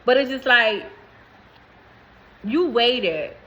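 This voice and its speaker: A woman's voice: a little high, lively intonation, very slow, fairly bright tone, poor audio. A woman in giving a rambling, emphatic spiritual message to viewers, swearing freely. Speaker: spiritual reader.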